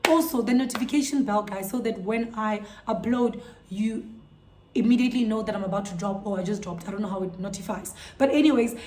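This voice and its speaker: A young woman, telling a storytime vlog to her viewers in an animated, incredulous way. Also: mid-range voice, a little fast. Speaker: vlogger. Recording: echoey room.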